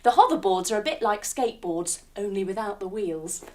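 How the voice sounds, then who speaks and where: A woman teacher telling a children's story while leading a yoga lesson, animated and using sound effects. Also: mid-range voice, brisk.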